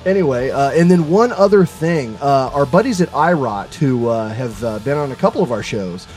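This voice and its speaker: A man's voice: medium pitch, animated, normal speed, a little mellow, faint music behind. A man co-hosting a casual podcast, rambling through plugs with many filler sounds. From Seattle area. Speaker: podcast co-host.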